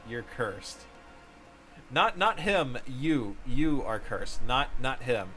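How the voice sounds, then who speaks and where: A man's voice: medium pitch, lively intonation, slow pace, pushed and bright. A man live-streaming a game, chatting casually, reading out viewer messages, often laughing and exclaiming. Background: game music.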